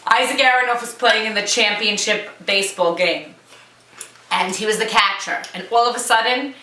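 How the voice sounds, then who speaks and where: A woman, a mother, telling funny family stories in an animated way for a home video. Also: mid-range voice, moderate pace. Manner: animated storytelling. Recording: echoey room, distant mic.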